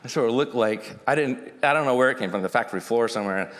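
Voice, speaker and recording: A man of middle pitch tells a lively story from a conference stage, acting out what people said and laughing as he goes. His voice carries a long hall reverb. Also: fast. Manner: animated, acts out quotes, laughs often, loose and joking. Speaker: company founder telling his story on stage. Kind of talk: storytelling talk at a summit.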